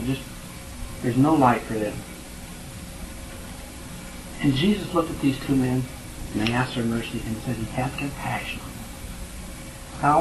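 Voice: mid-range voice, poor audio. A Bible class teacher walks a group through a passage, reading it aloud and then putting it in plain, everyday words. The delivery stays conversational and keeps checking in with the listeners. The voice sits mid-range, with faint noise in the background.

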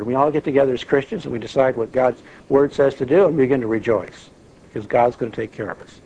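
A man leading an informal Bible study, lively and acting out prayers as he talks. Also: mid-range voice, quick pace, vocal fry, highs cut off, a little hiss or hum. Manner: animated, acts out prayers and quotes.

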